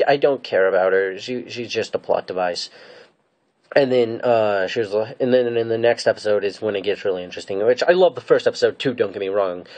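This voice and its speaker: This man talks through a show's episodes as a fan, giving his takes, his lowish voice carrying a somewhat dark tone. He rambles and hesitates, restarting often and filling gaps with fillers.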